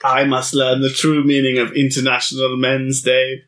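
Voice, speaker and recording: A man's voice: medium pitch, completely flat delivery, normal speed, fairly bright tone. A man doing improvised comic storytelling, playful and theatrical, often laughing.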